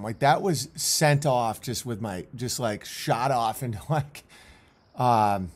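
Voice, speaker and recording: A man's voice: mid-range voice, slow. A man commentating on video clips in a rambling, intense way, with many restarts.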